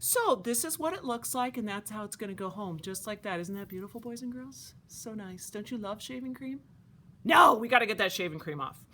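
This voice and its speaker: A woman teaching a craft to children at a camp, talking in a playful, animated, chatty way. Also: medium pitch, a little fast, few pauses, a little hiss or hum.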